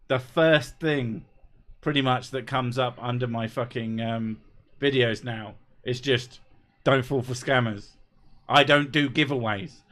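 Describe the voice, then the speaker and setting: Casting: male YouTuber in a laid-back live-stream chat, sweary, quick to laugh, mid-pitched voice. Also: fairly bright tone.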